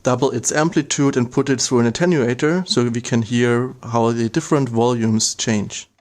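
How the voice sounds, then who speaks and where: A man's voice: mid-range voice, fairly even intonation, normal speed, darkish tone. A man narrating an instructional demo, walking through each step in a plain, methodical way. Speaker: product demonstrator.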